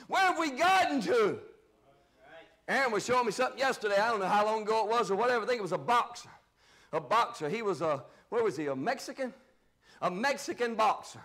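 High-pitched shouting preacher. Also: male voice, expressive, fast talker. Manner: shouting preacher, drops to low asides. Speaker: pastor. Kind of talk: fiery sermon.

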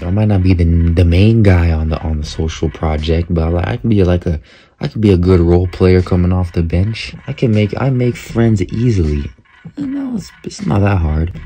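Young male creator, lowish warm voice, crude off-the-cuff quiz commentary with faint music behind. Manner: crude, joking, reacts loudly and swears often. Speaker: content creator. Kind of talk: casual commentary while taking an online quiz.

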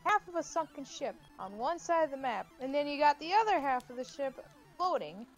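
A woman's voice: high-pitched, animated, fairly quick, soft background music, poor audio. A young woman chatting casually during a game stream, teasing dryly and swearing now and then. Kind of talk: casual gaming chat.

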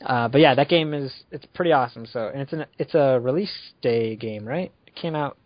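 Dude hosting a gaming podcast, chill and rambly, dry close mic, kinda dull lo-fi sound. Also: male voice, medium pitch, a little fast, dry recording. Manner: relaxed, rambling with fillers and laughs. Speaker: podcast host. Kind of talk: casual chat.

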